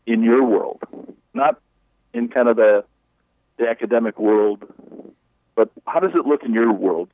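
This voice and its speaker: A leadership coach explaining his approach in an interview, in a folksy, conversational way. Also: medium pitch. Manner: folksy, conversational, acts out client quotes. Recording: tinny phone line.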